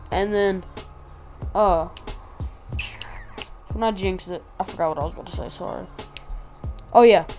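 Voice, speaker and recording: A woman's voice: mid-range voice, darkish tone. A woman vlogger telling a casual story, rambling and slangy with lots of asides.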